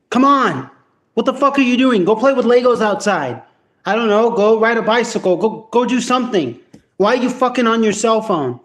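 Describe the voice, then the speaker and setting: A man's voice: sits high, fairly bright tone. A man ranting casually to camera in a vlog at home, profane and rambling with many restarts. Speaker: vlogger.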